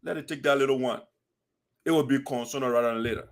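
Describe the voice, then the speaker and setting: A man's voice: medium pitch, fast, vocal fry. A man delivering an impassioned, preachy commentary, scolding rhetorically and quoting scripture. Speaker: diaspora community commentator.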